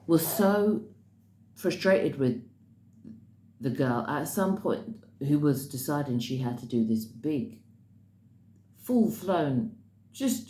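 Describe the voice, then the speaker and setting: A woman with a warm bass voice casually recounts a dream as a spiritual message, speaking in bursts of emphasis. The room has an echo, and there is faint noise in the background.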